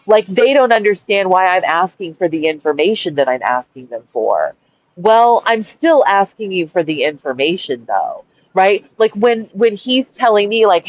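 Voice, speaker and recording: A woman in her forties venting on a dark sidewalk at night, angry, swearing constantly and repeating herself. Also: mid-range voice, sing-song, moderate pace, no room sound, dull audio. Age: 40s. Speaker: vlogger. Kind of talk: rambling outdoor vent. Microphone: wireless headphones.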